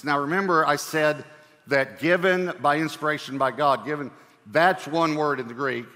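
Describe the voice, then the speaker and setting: Conversational pastor in a reverberant hall. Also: male voice, fairly high pitch, moderate pace, bright, forceful tone. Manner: conversational, with fillers and repeated phrases. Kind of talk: sermon.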